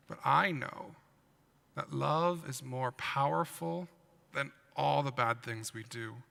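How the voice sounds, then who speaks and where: A man speaks as a pastor giving a children's sermon. His voice sits a bit high and carries gravelly fry, and he tells the story with animation, asking his listeners questions. The sound has a crisp, forceful edge and rings with the long reverb of a church. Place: church sanctuary.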